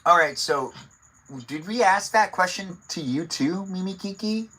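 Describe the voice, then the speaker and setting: A man's voice: high-pitched, expressive, unhurried, pushed and bright, breathy edge, poor audio. A man hosting a casual live stream, playful and curious, asking his guests lots of follow-up questions. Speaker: livestream host.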